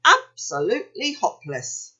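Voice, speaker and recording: A woman's voice: fairly high pitch, huge pitch swings, a little slow, sharp tone, husky, lo-fi sound, pitched above the performer's own voice, full character voice. A woman voicing a dry, knowing male doctor who speaks in clipped phrases in a storybook reading. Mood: wry. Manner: clipped, wry.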